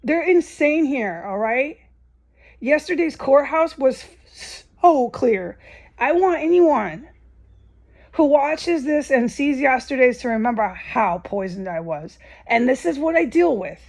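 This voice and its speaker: A woman's voice: high voice, expressive, unhurried. A woman vlogging an angry, profane rant, her voice rising sharply at times. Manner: agitated and profane, voice rising to near-shouts. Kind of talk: angry ranting monologue.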